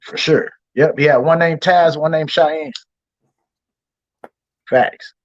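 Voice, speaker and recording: A man hosting a casual chat and telling animated, slang-heavy stories, acting out the people he quotes. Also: on the high side, slow, no room sound. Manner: animated storytelling, slangy and profane, acts out quoted voices. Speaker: host. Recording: dull, lo-fi stream audio.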